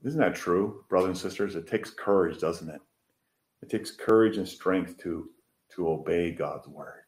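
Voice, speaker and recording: A man preaching a sermon as pastor, rising to loud, emphatic pleading and then dropping back to soft, quiet talk. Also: low-pitched, unhurried. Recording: roomy echo.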